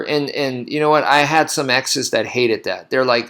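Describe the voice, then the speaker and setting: Man, martial arts teacher, casual monologue, rambling, storytelling, medium pitch. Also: normal speed, hardly any pauses. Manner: rambling, animated storytelling with laughs.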